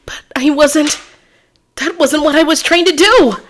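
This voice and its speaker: A woman voicing an earnest, flustered young female defense lawyer in a courtroom game, who pleads and protests in a raised, higher voice. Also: animated, measured pace, slight background noise. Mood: protesting.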